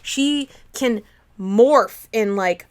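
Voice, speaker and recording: A young woman co-hosting a casual comic book chat, retelling the story in a playful, animated way. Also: a little high, drawn-out words. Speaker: comic podcast co-host.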